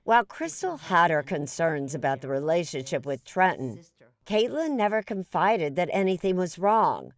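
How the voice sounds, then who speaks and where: A woman correspondent narrating a true-crime report and asking interview questions in a measured, deliberate way. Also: fairly low pitch, very animated.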